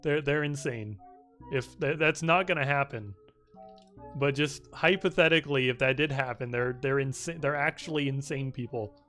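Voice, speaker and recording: This young streamer rambles excitedly while playing a video game, cursing often and leaning constantly on "like." Faint music plays behind his mid-range voice, which keeps a moderate pace.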